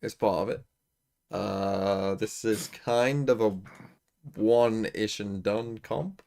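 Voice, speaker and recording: Gravelly-voiced man joking on a watch party. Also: on the low side, fairly even intonation, takes it slowly, a little mellow. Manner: playful, jokey asides. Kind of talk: casual watch-party chat.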